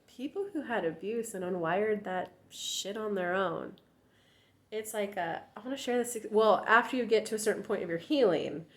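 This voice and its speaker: A woman relationship coach in her thirties talking casually to viewers, candid and lively, acting out quoted voices. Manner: candid, acts out quoted voices in a higher pitch.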